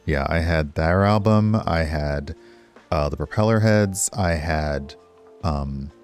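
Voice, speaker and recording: Deep-voiced man chatting while streaming a game. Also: slow, soft background music. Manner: rambling, chatty, talks to chat. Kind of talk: casual gameplay commentary.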